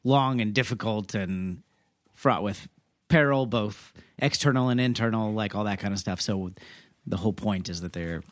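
A man's voice: on the low side, moderate pace, dry recording. A man co-hosting a podcast, chatting casually and teasing his partner with wry asides. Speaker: podcast co-host.

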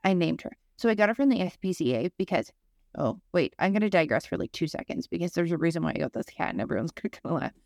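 Low, gravelly woman telling rambling stories. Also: animated, quick pace, a little mellow, no echo, clean studio sound. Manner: rambling, digressive storyteller with lots of fillers. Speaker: podcast co-host. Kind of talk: casual storytelling chat.

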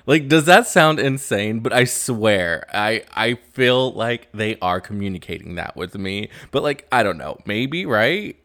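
A man's voice: on the low side, lively intonation, a little slow, few pauses, a bit bright. A young man hosting a casual pop-culture gossip podcast, chatty, campy and sassy, recorded on a new podcast mic. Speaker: podcast host.

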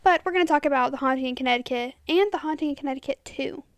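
A woman with a high, bright-sitting voice hosts a casual podcast chat. She talks in halting bursts and fills gaps with hesitations. The sound is dry and close, with no room around it. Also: no room sound. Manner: halting, searches for words with many fillers. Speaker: podcast co-host.

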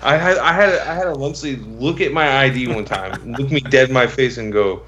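A man co-hosting a podcast in casual chat, playful and quick with jokes. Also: medium pitch, bright, forceful tone, muffled recording. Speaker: podcast co-host.

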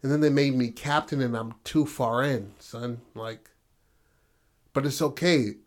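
A man voicing a tired middle-aged father, a police captain, in a halting, slangy retelling. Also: mid-range voice, steady tone, natural voice. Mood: resigned.

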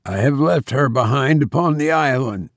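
A man reading an audiobook, voicing a frightened, starving old man adrift in a boat, husky and pleading. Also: mid-range voice, animated, no echo, studio quality, lightly acted. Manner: hushed, pleading and halting.

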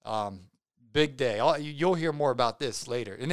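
A young man hosting a podcast, chatting casually and rambling excitably with lots of fillers and self-deprecating jokes. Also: medium pitch, normal speed, clear, resonant tone, dry recording, studio quality. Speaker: podcast host. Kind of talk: casual podcast sign-off chat.

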